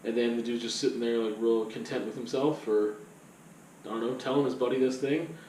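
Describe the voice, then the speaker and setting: A man's voice: mid-range voice, fairly even intonation, brisk, darkish tone, echoey room, distant mic, a little hiss or hum, low-quality recording. A man vlogging in a rambling, casual monologue full of fillers and loose asides.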